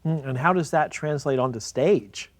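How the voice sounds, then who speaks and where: A man's voice: fairly high pitch, normal speed, no echo. A man moderating a diction panel in a studio, posing questions and summarizing points. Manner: inquisitive, poses questions. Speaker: moderator, researcher. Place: video studio.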